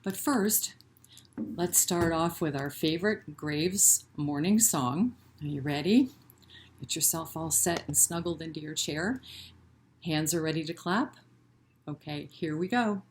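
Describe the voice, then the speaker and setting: A woman leading a children's library storytime, reading a picture book aloud in an animated way and inviting the children to chant along. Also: deep voice, unhurried, a little hiss or hum. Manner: gentle and encouraging with children.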